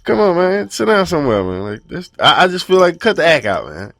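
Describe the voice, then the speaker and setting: A man's voice: on the high side, brisk, dry recording, clean studio sound. A man co-hosting a radio talk show, ranting in casual chat with lots of swearing. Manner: animated, swears a lot, rants.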